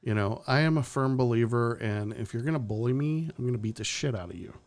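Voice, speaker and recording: A man's voice: mid-range voice, fast talker, darkish tone. A man hosting a podcast, giving blunt, profane opinions in casual talk and chuckling often. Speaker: podcast host.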